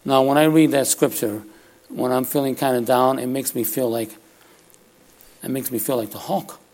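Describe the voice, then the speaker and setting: A man's voice: mid-range voice, fairly even intonation, moderate pace, darkish tone. A man preaching a conversational sermon in church, often checking in with "all right?" as he talks.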